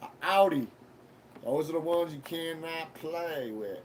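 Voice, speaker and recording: A man's voice: fairly high pitch, a little slow, a little hiss or hum. A man hosting a live stream, rambling through a casual monologue with crude jokes and heavy swearing. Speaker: livestream host.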